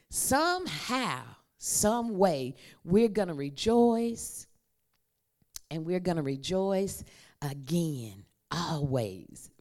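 Animated woman preaching to a congregation. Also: fairly low pitch. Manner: lively, conversational, leads the congregation to repeat after her. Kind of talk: sermon with call and response.

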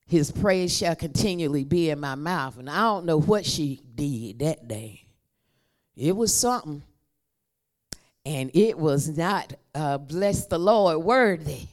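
A woman's voice: low-pitched, expressive, slow pace. A woman preaching a conversational sermon and calling on the congregation to repeat her words. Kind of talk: sermon with call and response.

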